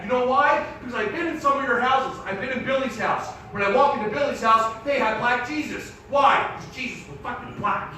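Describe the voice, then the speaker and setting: Brash profane comedian in echoey hall. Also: male voice, very high voice, a little fast, hardly any pauses, distant mic, slight background noise. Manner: brash, profane, shouting punchlines. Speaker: stand-up comedian. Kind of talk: stand-up comedy set. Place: live theater stage.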